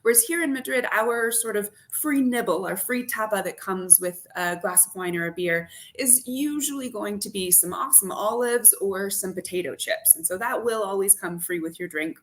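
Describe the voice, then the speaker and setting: A woman's voice: medium pitch, moderate pace, hardly any pauses. A woman, a wine expert and tour guide, who talks as a radio guest in an enthusiastic, vividly descriptive way. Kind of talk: interview guest.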